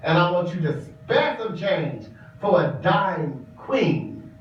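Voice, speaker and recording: Slowly and with animation, an actor voices a sassy, flamboyant older drag queen in a stage monologue, his high-pitched delivery campy and theatrical as he calls the listener darling. A little hiss or hum sits under the audio, captured in a large echoing exhibition space that leaves it roomy, distant and dull.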